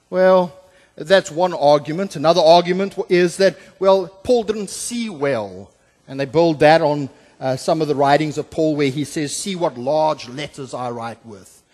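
A high-voiced pastor preaches through a scripture passage in a church sanctuary, often pausing on "uh" and restarting his sentences. He swings between emphatic, louder stretches and quiet, low asides, all carried by a long church reverb.

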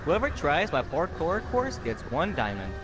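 A man's voice: on the high side, huge pitch swings, moderate pace, noisy background. A man from South America playing a game with friends, joking and laughing a lot. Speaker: player who built a parkour course. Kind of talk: casual gaming chat.

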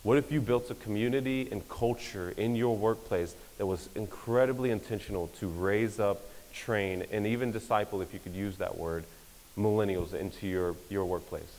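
A young man, giving an energetic, joking conference talk that pokes fun at pastors. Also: lowish voice, normal speed. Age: young adult. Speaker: speaker. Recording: hall reverb.

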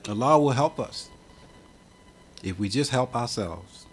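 A man's voice: mid-range voice, lively intonation, measured pace, a little hiss or hum. A man preaching a sermon as imam, with an impassioned cadence that swells and drops. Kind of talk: Friday sermon.

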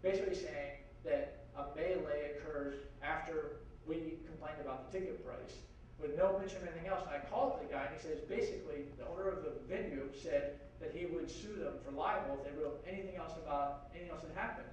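A man speaking as a guest at a university forum, telling an anecdote in a lively way and acting out the voices of the people in it, with many "like"s and "you know"s. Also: on the high side, brisk, highs cut off. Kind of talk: animated anecdote storytelling. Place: university lecture hall. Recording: very echoey hall from far off, faint noise.

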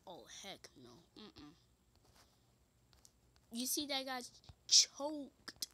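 A woman's voice: fairly high pitch, very animated, slow, pushed and bright. A young woman vlogger reading funny kids' notes aloud, giggly and incredulous, dropping into whispered asides.

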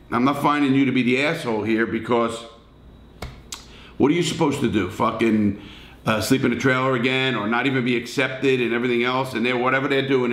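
A middle-aged man with a New York accent, bluntly judging viewer stories in a profane, animated casual retelling. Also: mid-range voice, echoey room. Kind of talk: casual storytelling commentary.

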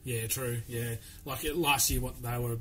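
Bright-voiced podcast host. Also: male voice, mid-range voice, fairly even intonation, normal speed, slightly rough, rough recording. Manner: chatty, matey, rambling questions. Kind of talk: casual podcast interview.

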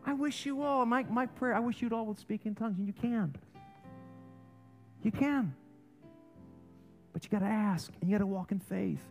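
A man pastor preaching a sermon, joking and animated, swinging between loud passages and soft ones, in a church. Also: high-pitched, normal speed, pauses often, soft background music. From German and Italian heritage. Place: church sanctuary.

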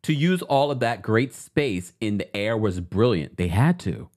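A man hosting an entertainment commentary channel, reading out social posts and reacting to them in a casual, animated way. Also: lowish voice, measured pace. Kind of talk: casual commentary with a sponsor read.

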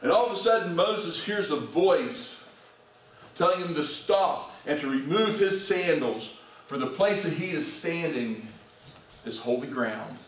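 A man's voice: on the high side, animated, a little slow, a little hiss or hum. A male pastor preaching a sermon to his congregation, asking them direct questions. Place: church sanctuary. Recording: very echoey church recording from far off.

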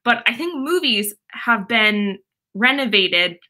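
A woman's voice: fairly high pitch, lively intonation, slow, bright, forceful tone. A young woman hosting a casual live stream from home, chatting and reading viewer comments aloud with lots of fillers and laughs.

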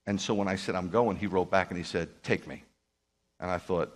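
Deep-voiced rabbi telling a story. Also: male voice, fairly even intonation, normal speed, a little hiss or hum. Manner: emphatic, acts out quoted dialogue. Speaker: Messianic rabbi. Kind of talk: storytelling sermon. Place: speaking live to a group.

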